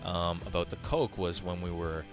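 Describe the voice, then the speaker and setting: Male staff member, very deep, hesitant recollection. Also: steady tone, moderate pace, over music. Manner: hesitant, full of ums and restarts. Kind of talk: casual anecdote in an interview.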